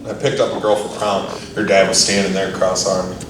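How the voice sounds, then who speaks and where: A man doing a stand-up comedy set on a club stage, telling stories in a deadpan way. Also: low-pitched, normal speed. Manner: deadpan storytelling, sudden shouted outbursts. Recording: very echoey, distant, noisy live club.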